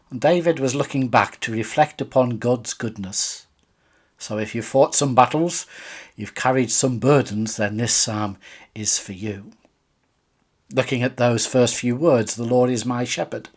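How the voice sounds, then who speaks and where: An older man, a Salvation Army officer from England, giving a calm, unhurried devotional talk on a psalm, with occasional restarts. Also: medium pitch.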